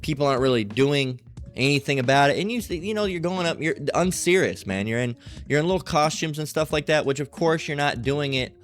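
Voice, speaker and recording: A man's voice: fairly high pitch, lively intonation, a little fast. A man giving a rambling religious commentary monologue in a mocking tone, often checking in with "all right?".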